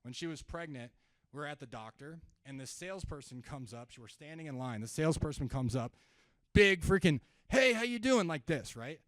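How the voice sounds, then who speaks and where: A man's voice: medium pitch, a little fast, dry recording. A young man giving a sales seminar to a live audience, joking with the crowd and acting out phone calls in contrasting tones. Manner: energetic, jokey, acts out calls in contrasting tones. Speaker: sales trainer. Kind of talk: live seminar talk with role-played calls. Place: event room, speaking to audience.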